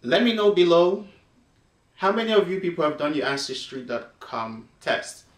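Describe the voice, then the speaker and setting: A man's voice: fairly high pitch, big pitch swings, normal speed, heavy background noise. A man from Africa hosting, chatting to camera in an emphatic, casual way as he reacts to a clip. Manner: emphatic, chatty, addresses viewers directly. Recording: roomy echo.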